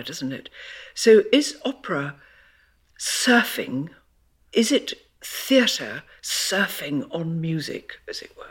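A woman hosts a podcast with a husky, slightly breathy voice. Her pitch moves in a lively, animated way. She asks questions playfully. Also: slow. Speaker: podcast host. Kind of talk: podcast chat.

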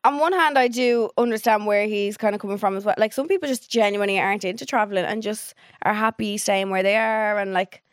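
A woman's voice: medium pitch, fairly quick, hardly any pauses, clean tone, no room sound, studio quality. Chatty young woman co-host. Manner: chatty, laughs a lot, gives relaxed advice. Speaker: podcast co-host. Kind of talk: casual chat.

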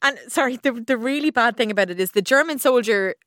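A woman's voice: a little high, fast talker, a bit bright, no room sound, clean studio sound. An Irish woman chatting casually on the radio as a TV reviewer, laughing often and restarting her sentences. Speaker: TV and film reviewer.

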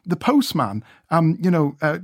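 A man's voice: on the high side, sing-song, a little slow, no echo. A man being interviewed in a radio studio, chatting in a rambling way with many restarts. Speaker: radio reporter.

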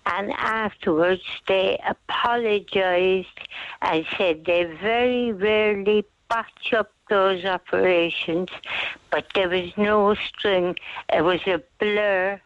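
A woman's voice: mid-range voice, steady tone, slow, slight background noise. A woman in her sixties calling a radio show as a mother and carer, aggrieved and insistent. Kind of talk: phone-in radio call. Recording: dull lo-fi phone-in line.

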